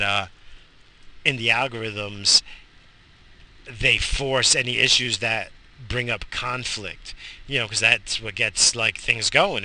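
An exhausted father rambles in a casual vlog, swearing and muttering to himself. His lowish voice sounds pushed and bright, and the recording quality is low.

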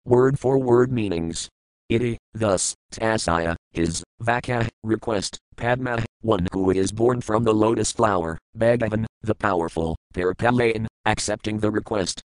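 A man reads scripture in a steady, methodical recitation, working through verses, word meanings and commentary. His voice sits in a middle register and is recorded close and dry, with no room sound around it. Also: mid-range voice, clean tone, no echo, poor audio. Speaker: scripture reader. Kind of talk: reading scripture verses with translations.

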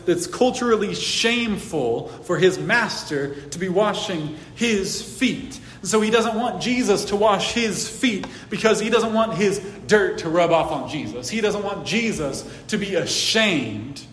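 A man preaching a sermon as pastor, casual and animated in his storytelling, often restarting his words. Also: on the high side. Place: church hall. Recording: echoey hall, faint background hiss.

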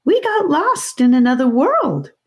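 A woman voicing a young, emotional and eager boy in a squeaky, high excited voice. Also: unhurried, full character voice.

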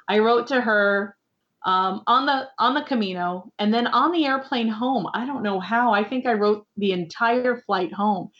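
A woman's voice: medium pitch, unhurried, fairly bright tone. American woman on a muffled call. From United States. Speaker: guest, pilgrim. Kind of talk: casual interview chat.

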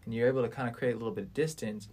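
A man's voice: medium pitch, rapid-fire, darkish tone, slightly rough. A man in his twenties talking earnestly and at length in a casual podcast conversation, rambling and swearing freely.

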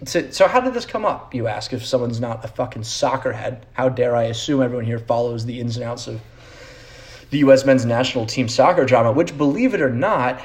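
A man's voice: mid-range voice, darkish tone. A young adult man hosting a podcast, ranting casually with sarcasm and lots of swearing, tagging his points with "right?". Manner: profane, sarcastic, rambling with frequent "right?". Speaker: podcast host. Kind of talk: casual rant.

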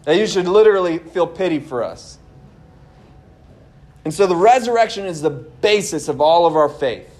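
High-voiced young man preaching a sermon. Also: lively intonation, normal speed, pauses often, a little mellow. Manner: conversational, earnest preaching with asides to the congregation. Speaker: pastor.

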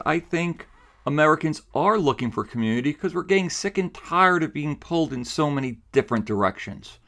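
A man's voice: mid-range voice, a bit bright. A man from the New York City suburbs hosting a podcast, giving emphatic, argumentative opinion commentary. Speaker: podcast host.

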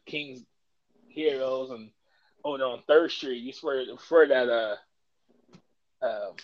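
A man from Kentucky, hosting a casual podcast and telling stories in an animated way, laughing often. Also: a little high, highs cut off. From Kentucky, US South. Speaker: podcast host. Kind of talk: casual chat.

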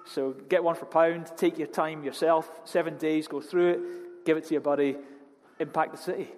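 A man preaches in a church hall, his voice slightly higher than most men's. His delivery is animated and jokey as he tells stories. A long reverb trails each phrase. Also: fairly quick. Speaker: pastor. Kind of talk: sermon.

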